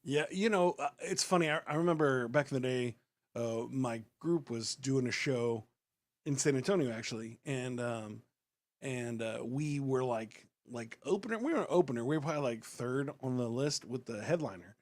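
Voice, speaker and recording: A man's voice: mid-range voice, animated, normal speed. A man hosting a casual podcast, rambling loosely through stories with lots of fillers and restarts. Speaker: podcast host and rapper.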